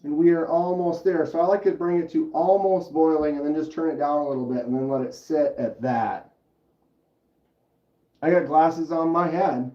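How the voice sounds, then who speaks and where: A man's voice: a little high, normal speed, echoey room, distant mic, muffled recording. A man hosting a casual livestream at home, chattily explaining each step and answering the chat aloud. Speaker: livestream host.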